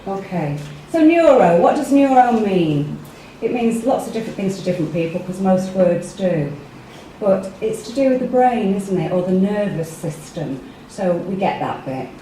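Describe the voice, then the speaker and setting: Speaking at medium pitch and normal speed, she sounds expressive and mellow, with a little hiss or hum on the track. The English-accented workshop leader chats with a small live group in a meeting room, posing questions as she goes; the room echoes and the mic is far away.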